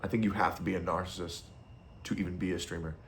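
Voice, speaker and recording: A man's voice: low voice, fairly even intonation, quick pace, a little hiss or hum. A male streamer in a casual, blunt monologue, ranting with heavy profanity and strong opinions.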